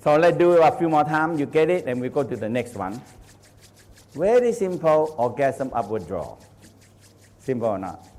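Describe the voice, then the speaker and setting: Animated man teaching with broken English. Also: medium pitch, moderate pace. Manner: animated, asks the audience constant questions, laughs often; non-native English with dropped grammar. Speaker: Taoist teacher. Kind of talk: live workshop teaching. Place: training center hall.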